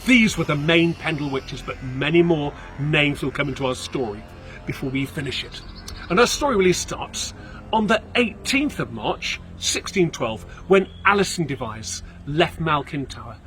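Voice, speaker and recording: A man, a local guide telling a story on location outdoors, theatrical, shifting between hushed and loud. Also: on the high side, expressive, moderate pace, faint music behind. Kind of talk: dramatic storytelling.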